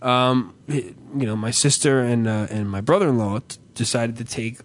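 Young adult male podcast co-host; swears constantly, rants and tells animated stories in an average-pitched voice. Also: normal speed. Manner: profane, ranting, animated storytelling. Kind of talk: casual comedic chat.

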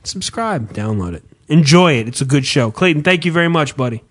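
A man hosting a podcast, ranting in an animated, profane way and reading off show plugs. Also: on the high side, brisk. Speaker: podcast host. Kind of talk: casual podcast chat.

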